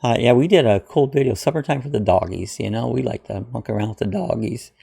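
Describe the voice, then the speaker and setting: A man's voice: medium pitch, brisk, gravelly, dark tone, husky. A man from Ohio hosting his channel, casually chatting through viewer comments with lots of uhs and restarts. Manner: rambling, friendly, with frequent uhs and restarts. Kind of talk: casual chat.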